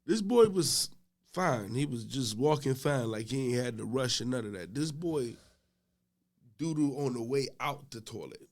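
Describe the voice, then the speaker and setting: A middle-aged man, a podcast guest, telling a story in casual chat. He starts out laid-back and gets loud and laughing as the story builds. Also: mid-range voice, animated, moderate pace.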